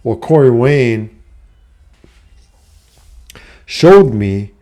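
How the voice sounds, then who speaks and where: A man's voice: medium pitch, lively intonation, extremely slow, warm tone. A middle-aged man, a life coach, talking candidly to camera in a rambling, profane, confessional way. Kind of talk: candid personal talk to camera.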